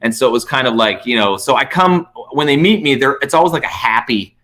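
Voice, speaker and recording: A man, a podcast guest, telling stories in casual, animated chat full of fillers and swearing. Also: medium pitch, fairly quick. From United States.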